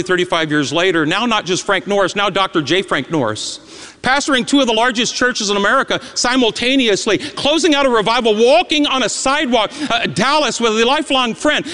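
A male preacher with a high, bright voice tells a story in a sermon, stammering and shifting from loud to hushed. Long reverb rings around him in a large hall. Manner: emotional, with stammered repeats and dramatic swings between loud and hushed.

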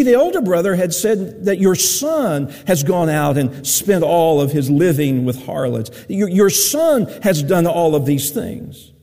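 A man's voice: sits high, warm tone, slightly rough, big-room sound. A man preaching a sermon, telling stories in a folksy way. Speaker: pastor.

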